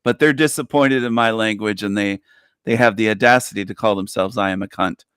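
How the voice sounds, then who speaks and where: A man's voice: fairly quick, a bit bright, smooth, no room sound, clean studio sound. A man co-hosting a livestream, chatting casually, reading out his chat and laughing a lot. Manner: bursts into high laughter, reads chat aloud. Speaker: livestream co-host.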